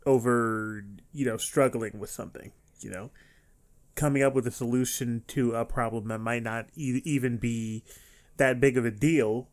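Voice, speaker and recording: A man streaming an anime reaction, talking casually and rambling with frequent restarts and animated outbursts. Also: mid-range voice, normal speed.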